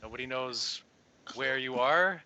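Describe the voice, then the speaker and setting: A man narrates as game master in an easygoing, descriptive way. His voice is bright and forceful. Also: mid-range voice, unhurried, muffled recording.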